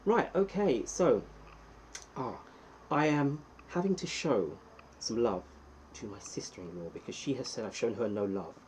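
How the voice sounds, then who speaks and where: A man with an English accent hosting a casual live stream, reading the chat and giving playful shout-outs to viewers. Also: medium pitch, expressive, measured pace, a little hiss or hum.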